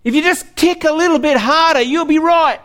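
Eager know-it-all man, as a preacher plays him, high and bossy. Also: normal speed, fairly bright tone.

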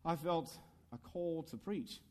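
A man preaching a sermon as pastor, earnest and lively, asking the listeners questions and telling stories from his own youth. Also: fairly high pitch, slow pace.

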